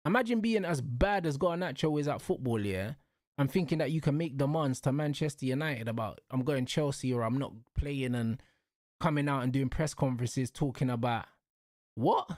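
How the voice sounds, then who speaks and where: A man's voice: mid-range voice, moderate pace, darkish tone, dry recording, clean studio sound. A young man, hosting and ranting casually about football in heated, repetitive street slang. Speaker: show host.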